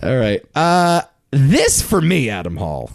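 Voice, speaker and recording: Jokey man with a lively voice. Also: mid-range voice, slow, gravelly, no room sound, clean studio sound. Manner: jokey, profane, playful. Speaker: podcast co-host. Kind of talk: casual chat.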